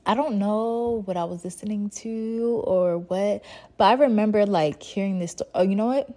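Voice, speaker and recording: A woman's voice: medium pitch, normal speed, dark tone. A young woman hosting a podcast, retelling a show in a chatty, slangy way full of fillers. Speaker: podcast host. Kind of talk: casual storytelling monologue.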